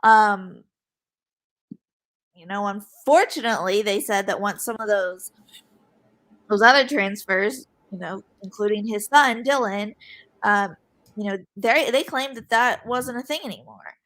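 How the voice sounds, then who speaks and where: A young woman reporter speaks as a podcast guest at an unhurried, slow pace. She pauses often and fills the gaps with ums and you knows while she thinks. Her pitch sits in the middle of the usual range for a woman. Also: fairly bright tone. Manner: hesitant, many fillers and restarts. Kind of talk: podcast interview.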